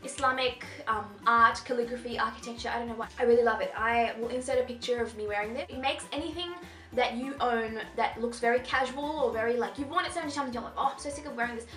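A woman's voice: on the high side, quick pace, a bit bright. A young woman chatting casually through a fashion haul, bubbly and gushing as she talks to camera. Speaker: fashion vlogger. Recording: echoey room with faint music.

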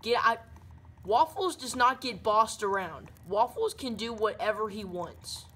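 A woman doing loud, silly running commentary while playing a game. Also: mid-range voice, lively intonation, unhurried, a little hiss or hum. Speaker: gaming video creator.

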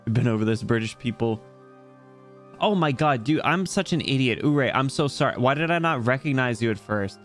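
A young man running a casual VTuber gaming stream rambles and jokes with his chat between plays. His mid-range voice is a bit bright and brisk, with lively intonation over soft background music.

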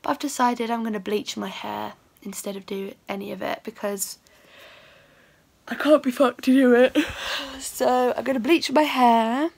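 Young woman, casual vlogger, self-deprecating chatter into a phone, slightly high voice. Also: steady tone, moderate pace, vocal fry, a little mellow. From United Kingdom. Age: young adult. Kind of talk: casual vlog chat.

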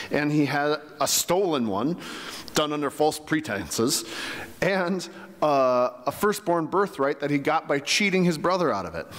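A pastor preaching in a casual, conversational way, tossing rhetorical questions at his congregation. His voice sits fairly high for a man and rings with a long church reverb. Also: fairly bright tone. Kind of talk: sermon. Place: church sanctuary.

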